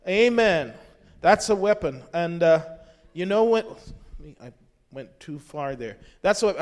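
A pastor with a high-pitched man's voice preaches with fervor, rising again and again into loud, ringing shouts. He exhorts the congregation in full sermon style.

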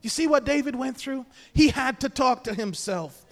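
A man as pastor delivering an impassioned sermon with hallelujahs, swinging between hushed, intimate lines and loud exhortation. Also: very high-pitched, animated, moderate pace, gravelly, soft background music. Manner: repetitive call-and-response preaching with hallelujahs. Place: church sanctuary. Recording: long church hall reverb.

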